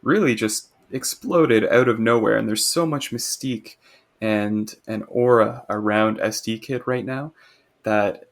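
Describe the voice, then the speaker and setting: A man, co-hosting a podcast and excitedly presenting a music artist in casual chat. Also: on the low side, measured pace. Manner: enthusiastic, rambling with restarts.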